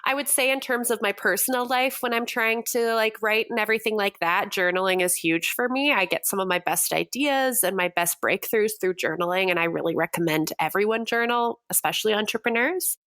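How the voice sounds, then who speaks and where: Woman from Canada, young adult, enthusiastic interview guest, medium pitch, dry sound. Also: fairly quick, hardly any pauses, a bit bright, dry recording. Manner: bubbly, enthusiastic. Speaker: guest copywriter. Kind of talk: podcast interview.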